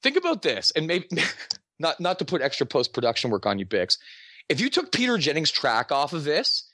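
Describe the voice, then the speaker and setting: A man hosting a podcast in casual chat, excitable and joking, with quick asides. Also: on the high side, no echo, studio quality. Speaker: podcast host.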